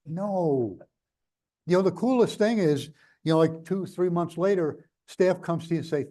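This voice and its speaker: An older man with a New York accent speaks bluntly, rambling from one story to the next with jokes along the way. His voice sits fairly high but sounds mellow and dark. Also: normal speed. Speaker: guest speaker. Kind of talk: conversational interview on stage.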